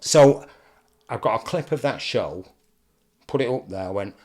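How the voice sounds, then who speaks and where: An older man with a strong Mancunian accent, chatting loosely in an interview. He tells anecdotes with energy and slips into quick impressions of other people as he talks. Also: mid-range voice. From England. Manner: animated storyteller, mimics others in quotes. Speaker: guest presenter.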